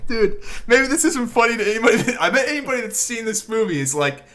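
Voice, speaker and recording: A man's voice: very high voice, lively intonation, fairly quick, sharp tone. A young man hosting a podcast, telling a story in casual chat with frequent laughter and swearing. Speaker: podcast host.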